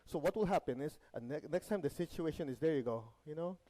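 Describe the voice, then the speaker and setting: This man's voice runs on the high side, animated and quick with a dark tone, and the audio quality is poor. As a meditation teacher giving a spiritual lesson to a live group, he keeps checking in with the audience, gets them to echo phrases, and slips in light joking asides.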